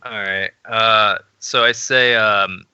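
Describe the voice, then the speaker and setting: A man's voice: on the low side, steady tone, takes it slowly, pushed and bright, clean tone, no room sound. A man playing in a tabletop game, speaking hesitantly and reading rules aloud. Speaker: player. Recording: dull lo-fi dry mic.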